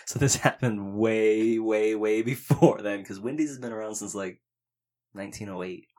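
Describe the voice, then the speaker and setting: A man's voice: on the low side, normal speed, darkish tone. A man co-hosting a podcast in casual banter, sarcastic and mocking, with frequent swearing. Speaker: podcast co-host.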